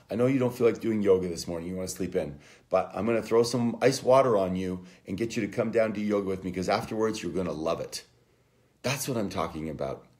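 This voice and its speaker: A man hosting a live online coaching session, giving an energetic, profane motivational talk and calling out viewers by name. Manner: energetic, profane, shouts names and "boom".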